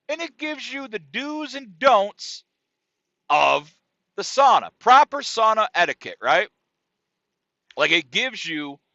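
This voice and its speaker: A man's voice: high-pitched, no echo. A man hosting a comedy podcast, telling a story as a casual, profane rant and often asking "right?" and "dude". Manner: animated, profane, keeps checking in with "right?" and "dude". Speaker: podcast host. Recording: dry, dull lo-fi sound.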